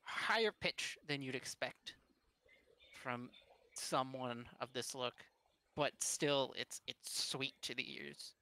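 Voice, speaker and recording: A man narrating as game master in a tabletop game, halting and full of fillers and restarts. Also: medium pitch, sharp tone.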